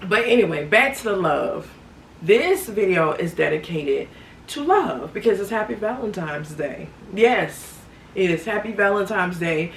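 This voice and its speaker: A woman's voice: lowish voice, vocal fry, fairly bright tone. A woman talking casually to her viewers in a vlog, chatty and laughing often, calling them honey and sweetie. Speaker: vlogger. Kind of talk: casual reflective vlog talk. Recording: roomy echo, distant from mic, faint background noise.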